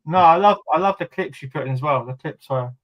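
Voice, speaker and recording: A man's voice: fairly high pitch, fast, highs cut off, crowd noise. Chatty man hosting a podcast. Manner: chatty, laughs often. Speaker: host. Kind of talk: casual chat.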